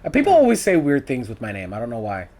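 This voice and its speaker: A man from Chicago co-hosting a casual podcast, animated and quick to laugh, with casual swearing. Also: medium pitch. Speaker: podcast co-host. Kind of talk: casual chat.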